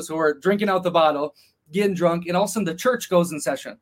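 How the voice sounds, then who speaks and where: Guy with a pretty high voice telling a wild travel story, super animated, cursing a lot, doing little voices for people. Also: quick pace. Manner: animated, acts out quoted voices, swears freely. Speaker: podcast guest. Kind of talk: casual storytelling.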